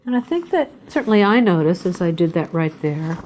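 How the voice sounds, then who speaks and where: A woman psychotherapist leading a webinar, talking in a gentle, conversational way and guiding listeners through a mindfulness exercise. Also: lowish voice, sing-song, brisk, a little hiss or hum. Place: indoors, remote webinar.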